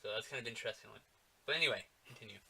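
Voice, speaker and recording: A man co-hosting a casual movie-review podcast, animated and swearing often, with lots of fillers. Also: lowish voice, rapid-fire, vocal fry, husky. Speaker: podcast co-host.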